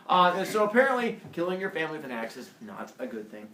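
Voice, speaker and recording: Teacher guy telling a myth, super animated, roomy classroom sound. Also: on the high side, fast talker, a little hiss or hum. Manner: lively, playful, with sound effects. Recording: echoey room, mic far off.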